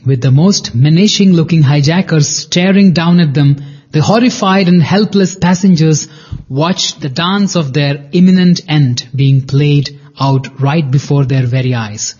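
A man reading a dramatic true story as a scripted narration, measured and slowing on key phrases. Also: a little high, a little mellow, slightly rough. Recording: dull lo-fi recording.

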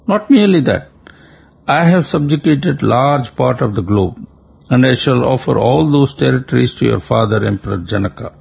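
A man's voice: medium pitch, vocal fry, a little mellow, husky, lo-fi sound, exaggerated voice. A man voicing a boastful, pompous demon king who coaxes and brags. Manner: grandiose, pompous persuasion.

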